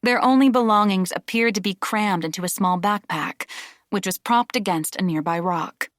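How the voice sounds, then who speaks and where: A woman reading a novel aloud as an audiobook narrator, steady and measured. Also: medium pitch, dry recording, studio quality. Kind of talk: scripted narration.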